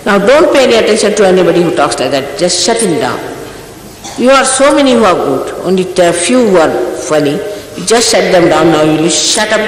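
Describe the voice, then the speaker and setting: Speaking in a fairly low voice, an older spiritual teacher delivers an emphatic, scolding address to her followers, firing off rhetorical questions. The archival recording was made in an echoey hall and carries slight hiss or hum.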